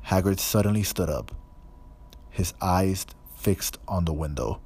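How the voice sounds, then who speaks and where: A man reading an audiobook in a measured, even storytelling manner. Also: low voice, breathy edge. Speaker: audiobook narrator. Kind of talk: scripted narration.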